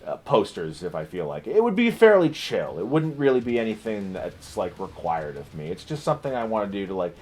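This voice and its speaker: A man's voice: on the low side, very animated, fairly quick, hardly any pauses, darkish tone, slightly rough. A man talking to viewers in an unscripted casual vlog, rambling, self-deprecating, often laughing and swearing. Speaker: video creator.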